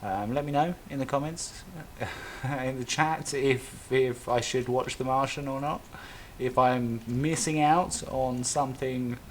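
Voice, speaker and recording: A man's voice: medium pitch, steady tone, measured pace, hardly any pauses, slight background noise. A man live-streaming a game, chatting casually and thinking aloud as he builds, with plenty of self-talk and little tangents. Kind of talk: casual live-stream commentary while playing.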